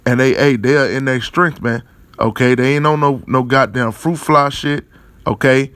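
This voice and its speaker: A man's voice: medium pitch, fairly even intonation, normal speed, fairly bright tone, clear, resonant tone, no room sound. A man giving rambling, profane religious commentary on news articles, often chuckling and repeating fillers and tag questions. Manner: chuckles often while talking.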